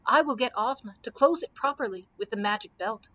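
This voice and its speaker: A woman's voice: sits high, a bit bright. Woman reading as the nervous straw Scarecrow. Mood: grave. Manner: anxious, hurried lines.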